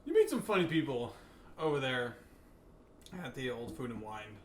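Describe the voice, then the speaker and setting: A man from Long Island co-hosting a casual podcast chat, talking in a chatty, animated storyteller way. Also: medium pitch, moderate pace. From Long Island, New York. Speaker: co-host. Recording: echoey room, faint noise.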